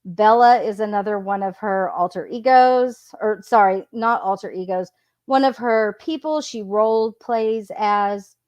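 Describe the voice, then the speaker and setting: A woman reading text messages aloud and adding casual commentary, in an unhurried, plain delivery. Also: mid-range voice, a little mellow. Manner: unhurried, reads quotes in a plain voice. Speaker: true crime commentator.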